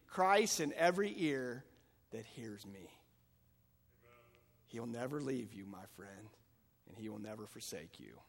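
A man preaching a sermon as pastor, moving between calm teaching and loud, fervent passages. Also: mid-range voice, a little slow. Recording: long hall reverb.

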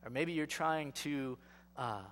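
A man's voice: a little high, takes it slowly, fairly bright tone, big-room sound. A male pastor giving a sermon in a conversational style, asking rhetorical questions and building to emphatic exhortation.

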